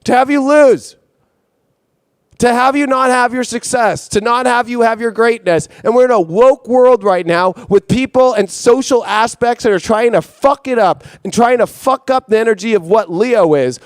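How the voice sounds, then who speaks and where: A man's voice: sits high, no room sound, clean studio sound. A man giving an intense, profane astrology monologue as host, often repeating himself.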